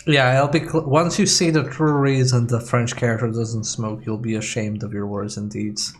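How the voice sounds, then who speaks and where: A man's voice: medium pitch, steady tone, moderate pace. A man streaming a video game, chatting casually and rambling with jokes as he plays. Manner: joking, rambling. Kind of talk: casual let's play chat.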